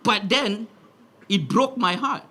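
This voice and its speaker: A male stand-up comedian, telling stories in an animated, punchy way and tagging lines with "right?". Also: high voice, slow, a little hiss or hum. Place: live comedy venue with audience laughter.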